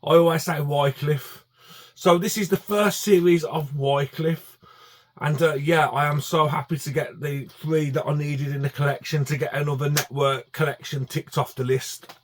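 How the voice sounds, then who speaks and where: A man's voice: a little high, steady tone, normal speed. A man chatting casually to camera about his DVD collection, enthusiastic and full of fillers and restarts.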